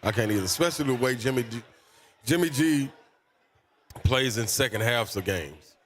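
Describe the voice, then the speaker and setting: A man's voice: mid-range voice, animated, normal speed. Laid-back male radio co-host. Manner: laid-back, agreeable, slangy. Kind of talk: sports radio chat.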